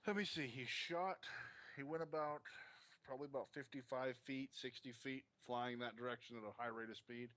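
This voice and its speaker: A man's voice: medium pitch, steady tone, normal speed, fairly bright tone, dry recording. A man running a tabletop game as dungeon master over online voice chat, giving laid-back rulings with light teasing.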